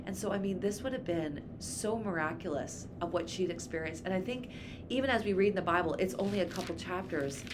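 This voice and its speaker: A woman's voice: fairly low pitch, a little fast, noisy background. A woman, co-host of a Bible study podcast, talking enthusiastically about a favorite biblical heroine. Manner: enthusiastic, gushing.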